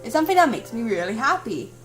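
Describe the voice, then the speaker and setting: A woman voicing an earnest, caring teenage boy protagonist in a game, her voice lowered and steady. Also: quick pace, low-quality recording. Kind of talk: let's-play voice acting.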